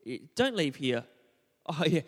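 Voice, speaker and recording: A slightly high, very animated young man preaches at a measured pace, with a long reverb tail in the room. The pastor keeps it conversational, laughing at himself and asking the congregation questions.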